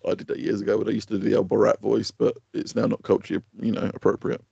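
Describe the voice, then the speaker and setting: A man's voice: fairly low pitch, little pitch movement, racing, creaky, mellow, husky, no room sound, lo-fi sound. A man co-hosting a podcast in casual chat, rambling and laughing often. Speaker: podcast co-host.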